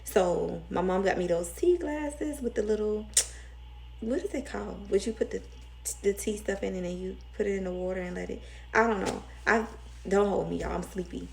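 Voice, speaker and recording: A woman's voice: medium pitch, moderate pace, gravelly, slight background noise. A young woman with a Southern US accent, rambling emotionally in a casual storytime vlog. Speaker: vlogger.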